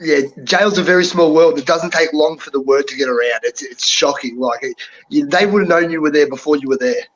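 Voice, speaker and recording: A man's voice: fairly high pitch, a little fast, a bit bright. A man hosting a stream, mostly chiming in with brief agreement in casual chat. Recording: dull lo-fi audio.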